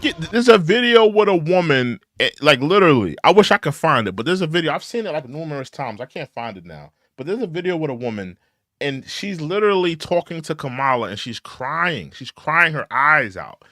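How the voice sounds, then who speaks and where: A man's voice: fairly high pitch, sing-song, a little fast, fairly bright tone, no room sound, clean studio sound, soft background music. A young man hosting an opinionated commentary show, ranting in an indignant, repetitive way. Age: young adult.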